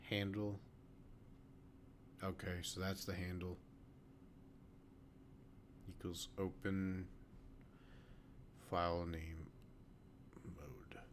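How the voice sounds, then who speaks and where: A man's voice: sits low, flat delivery, very slow, long pauses, a little hiss or hum. A sleepy man studying code, reading notes half-whispered and thinking aloud. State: sleepy, yawning. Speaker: student learning to code.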